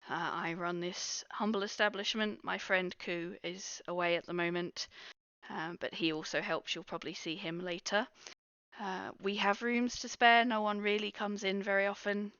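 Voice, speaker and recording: A cheery young halfling woman who runs an inn greets travellers, chatty and a touch rambling, as a woman puts her on in a tabletop game. Her voice sits at an ordinary middle pitch. The sound is muffled and dry. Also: steady tone, normal speed, a bit bright, clear, resonant tone, no echo, lightly acted. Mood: welcoming. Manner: welcoming, chatty, a little rambling.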